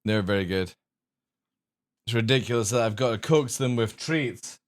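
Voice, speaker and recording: A man streaming live, chatting casually to his viewers and coaxing his dogs with a high sing-song voice. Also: normal speed.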